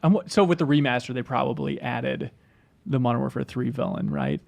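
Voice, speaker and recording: A man hosting a casual podcast chat, reading listener messages aloud in an animated way. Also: medium pitch, a little fast, creaky.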